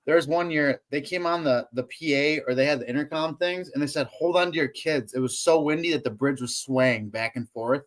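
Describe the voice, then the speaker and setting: A man on a casual podcast, a loud storyteller who laughs often and swears. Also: on the high side, a little fast, few pauses, rough recording. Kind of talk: casual chat.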